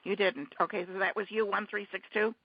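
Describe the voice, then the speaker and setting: A woman hosting a teleconference casually, talking haltingly with many restarts and fillers over a muffled conference-call line. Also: mid-range voice, level tone, slight background noise.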